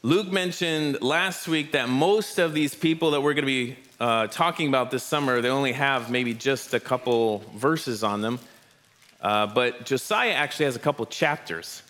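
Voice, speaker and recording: A man's voice: medium pitch, a bit bright. A man leading a family Bible lesson in church, praising and joking with the children. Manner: encouraging, playful with kids. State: out of breath. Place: church hall with audience.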